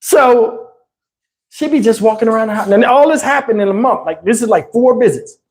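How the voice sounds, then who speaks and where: A man spinning a story on a live stream, animated and full of profanity. He keeps the talk loose and casual, breaking into laughing asides. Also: high voice, moderate pace. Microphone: wireless lapel mic.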